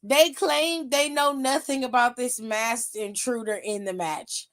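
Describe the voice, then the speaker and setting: A young woman with a fairly high voice and an unhurried delivery runs a wrestling aftershow, ranting bluntly and profanely about the night's segments. Her tone is exasperated, and her voice jumps up in pitch when she mocks someone. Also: a bit bright. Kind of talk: casual wrestling recap rant.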